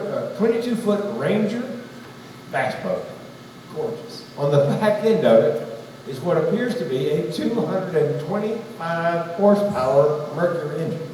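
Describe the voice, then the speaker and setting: A man's voice: on the high side, measured pace. A man from North Carolina, doing a folksy stand-up storytelling routine in front of a live audience. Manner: storytelling, animated, folksy asides. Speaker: stand-up comedian. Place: large hall with live audience. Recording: echoey hall, distant mic, crowd noise.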